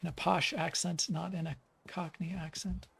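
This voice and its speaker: Gravelly, rambling game developer. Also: mid-range voice, flat delivery, moderate pace. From United States. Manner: rambling, chatty, lots of fillers and restarts; talks while playing and commenting on the game. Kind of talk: live stream gameplay chat.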